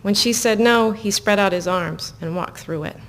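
A woman author reading her own novel aloud to listeners in an even, measured way, breaking off into casual asides full of fillers. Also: medium pitch. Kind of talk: live book reading with chatty asides.

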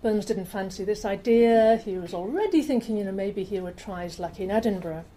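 A woman giving a public lecture with slides, chatty, with fillers and quick self-corrections, in a lecture room. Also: medium pitch, mellow, slight background noise, rough recording. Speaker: lecturer on rare books.

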